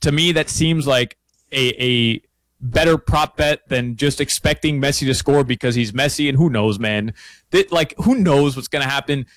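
A man chatting casually as a sports analyst guest, excitable, with lots of stammered restarts and fillers. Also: mid-range voice, normal speed, no room sound. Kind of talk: casual sports betting chat.

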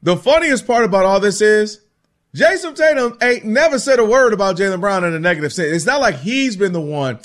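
A man co-hosting a sports talk show in a casual, animated way, often slipping into players' voices when he quotes them. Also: high voice, fairly quick.

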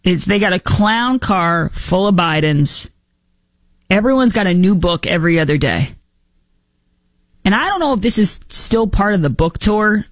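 A woman hosting a talk show with sarcastic political commentary, mocking and animated, jumping into quick impressions. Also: mid-range voice, no echo.

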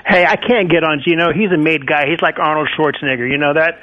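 A man's voice: a little high, fairly even intonation, quick pace. A man calling in to a sports radio show, bitter and trash-talking. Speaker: caller. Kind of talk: call-in rant. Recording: dull phone-line call.

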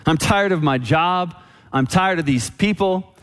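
A woman's voice: on the low side, unhurried, close to an everyday voice. A man quoting a weary, worn-out woman cashier. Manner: flat, tired, resigned. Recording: long church reverb.

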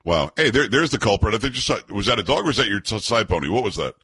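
A bright, husky male radio host talking at a quick clip. He rambles and teases in lively, swinging tones, and the sound is close and dry. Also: lowish voice, no echo. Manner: teasing, fast and rambling. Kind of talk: joking radio banter.

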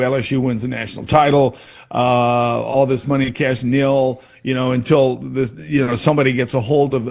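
A man hosting a sports talk show, explaining things casually in a rambling way with many restarts and examples. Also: mid-range voice.

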